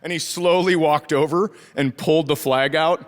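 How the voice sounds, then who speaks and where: A man doing stand-up comedy, telling stories in an animated way and acting out the people in them, from northern Minnesota. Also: a little high, moderate pace. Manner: animated storytelling, acting out other people's voices. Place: theater stage before a laughing crowd. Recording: live stage mic with audience noise.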